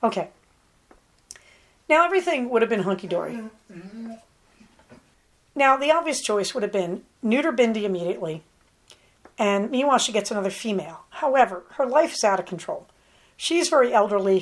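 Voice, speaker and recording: A woman hosting a podcast, telling a long casual story in a chatty, rambling way, with quick asides to her dog. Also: mid-range voice. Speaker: podcast host. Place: at home on a ranch.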